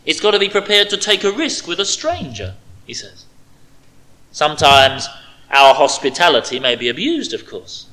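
A man preaching an expository sermon, stressing key words and dropping to quiet asides. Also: a little high, rough recording.

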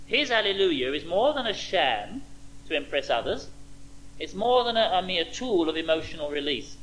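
A man preaching a sermon, emphatic, slowing down with dramatic pauses and stressing key words. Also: high-pitched, big pitch swings, a bit bright, a little hiss or hum, poor audio.

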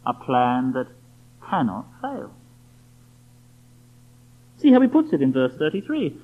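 A man's voice: medium pitch, wildly swooping pitch, slow. A man preaching a sermon, emphatic and full of rhetorical questions aimed at the listener. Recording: dull lo-fi recording.

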